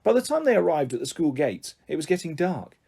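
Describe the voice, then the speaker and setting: Male storyteller, expressive read-aloud, mellow husky tone. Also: a little high, a little fast. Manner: animated, expressive. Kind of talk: children's book read-aloud.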